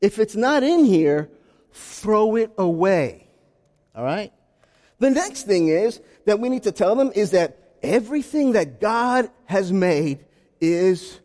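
A man preaching a sermon as pastor, swinging from hushed, low asides to loud, shouted lines. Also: very animated, slow, big-room sound. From South Carolina.

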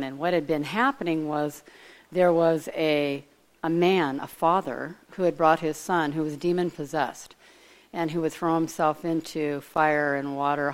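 A woman giving an informal, conversational sermon, digressing and speculating aloud as she retells a Bible story. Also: fairly low pitch. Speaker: preacher.

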